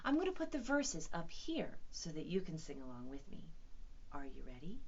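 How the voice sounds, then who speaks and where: A woman working as a children's librarian, reading a picture book aloud to young children in a playful, expressive storytime manner. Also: on the low side, normal speed, gravelly, husky, highs cut off.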